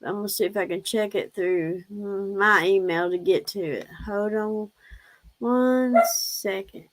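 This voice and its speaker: A woman's voice: mid-range voice, a little slow, a little hiss or hum, low-quality recording. A woman hosting a casual livestream, chatty, laughing often and fondly scolding her pets. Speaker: livestream host.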